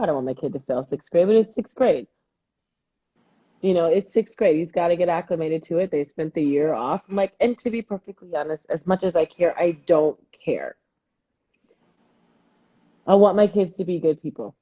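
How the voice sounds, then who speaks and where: Husky mellow woman co-host, casual chat, acts out what everyone said, kinda muffled lo-fi sound. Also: sits low. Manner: animated storytelling, acting out quoted dialogue. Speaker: podcast co-host. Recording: dull lo-fi audio.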